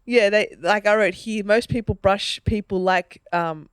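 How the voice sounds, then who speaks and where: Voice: mid-range voice, a little slow, clean tone, dry recording, clean studio sound. A podcast host reflecting on a film in casual talk, acting out quotes and often checking in with "you know?". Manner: animated, acts out quotes, asks "you know?".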